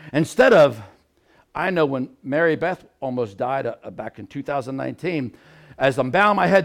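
Animated, gravelly-voiced male preacher. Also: fairly high pitch. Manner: animated, rising to shouts for emphasis. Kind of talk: sermon.

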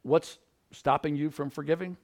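A man preaching a sermon, moving from quiet, earnest teaching to loud, pleading peaks. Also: on the high side, steady tone, normal speed.

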